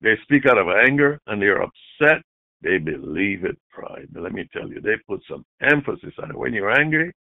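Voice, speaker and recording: A male preacher delivers a sermon with a lively, wide-ranging voice, jumping from shouted mimicry to quiet, low lines. The sound is thin and tinny, like a phone line, with no room echo at all. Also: normal speed, vocal fry. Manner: dramatic preaching, shifts from loud shouted mimicry to low near-whispers. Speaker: pastor.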